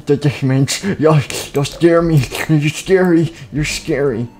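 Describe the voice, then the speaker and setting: A man voicing a terrified, jittery male creature that whimpers and panics in a high voice. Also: takes it slowly, a little mellow.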